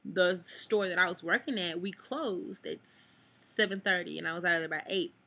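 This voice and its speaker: A woman's voice: lowish voice, moderate pace, sharp tone. A sad, upset young woman venting to viewers in a rambling vlog, cursing freely. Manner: rambling, cusses, addresses viewers. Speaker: vlogger.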